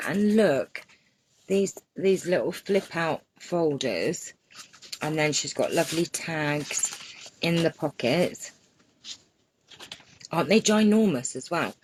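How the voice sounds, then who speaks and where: Low-voiced, unhurried woman hosting a homey craft stream; warm gushing chatter. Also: a little hiss or hum. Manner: chatty, greets viewers by name, gushes over gifts. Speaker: crafting channel host. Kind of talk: casual live-stream chat.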